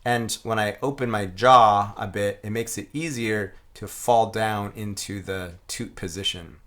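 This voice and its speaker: A man teaching a didgeridoo rhythm, calmly explaining and chanting the rhythm syllables aloud. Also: lowish voice, a little slow. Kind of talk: explaining a playing technique.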